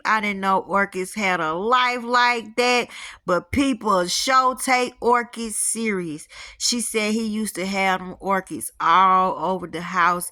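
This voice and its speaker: A woman's voice: medium pitch, no room sound, studio quality. A woman telling a spiritual story in casual chat, acting out the voices of the people in it. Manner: animated, acts out quoted voices.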